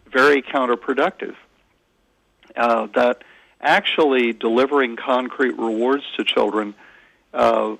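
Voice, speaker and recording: Gravelly man, earnest parenting guest. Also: mid-range voice, fairly bright tone, dry recording, rough recording. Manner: measured, earnest, frequent hesitations. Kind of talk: radio interview answers.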